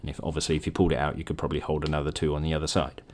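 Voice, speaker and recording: A man with an extremely low, darkish voice talks very fast in a completely flat delivery. He is a podcast host casually retelling a dream on his own. The story rambles and stays chatty, and he laughs at himself.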